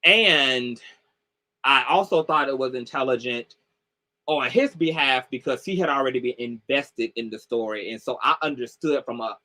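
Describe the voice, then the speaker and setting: Chatting loosely on a livestream call, a male commentator tells a story stuffed with "like" and "y'all." He speaks at normal speed, his medium-pitched voice pushed and bright.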